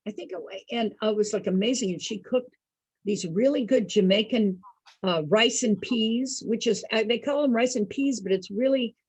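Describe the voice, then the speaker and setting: A woman with a husky voice telling a casual story to an online group over a video call, chatty and calling her listeners folks. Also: on the high side, normal speed, a little mellow, no echo, poor audio. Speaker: storyteller host.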